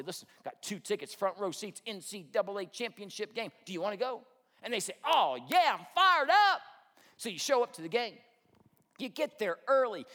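A male pastor preaching a sermon, telling stories in an animated way and acting out both sides of the conversations. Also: high voice. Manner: animated storytelling, acts out both sides of dialogues. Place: church sanctuary. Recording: long hall reverb.

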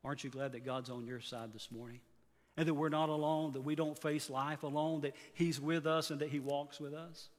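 A pastor in his fifties preaching a sermon earnestly, his voice rising on exhortations and dropping low at the ends of phrases. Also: fairly even intonation, normal speed, in a large hall. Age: 50s.

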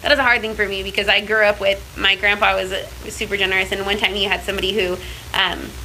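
Fast, bright-voiced young woman telling stories. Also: mid-range voice, little pitch movement, a little hiss or hum, rough recording. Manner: chatty, heavy with filler words and restarts. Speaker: speaker in a church series. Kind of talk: casual personal storytelling in a faith talk.

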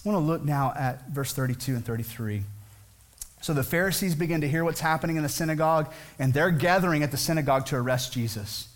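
A man's voice: a little high, fast talker. A man preaching a sermon as pastor, talking conversationally and asking many rhetorical questions.

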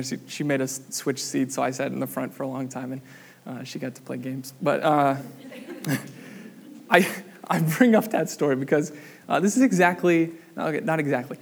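A man's voice: on the high side, normal speed, gravelly, a little hiss or hum. A young man preaching a sermon, telling a funny personal story in a casual way with lots of fillers before moving on to the scripture. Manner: casual storytelling with many fillers, acts out quoted voices loudly.

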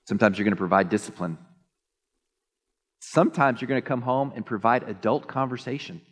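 A male pastor preaching a sermon in an animated, joking way, often mimicking others in a high voice. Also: fairly quick. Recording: long hall reverb.

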